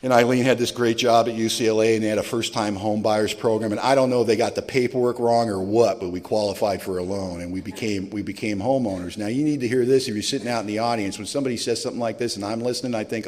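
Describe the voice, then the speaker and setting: A man's voice: fairly low pitch, fairly even intonation, fast talker, few pauses, darkish tone. A middle-aged man giving a candid, earnest personal testimony to a recovery meeting audience, talking in a conversational storytelling way. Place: large hall with long reverb. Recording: live hall recording with long reverb.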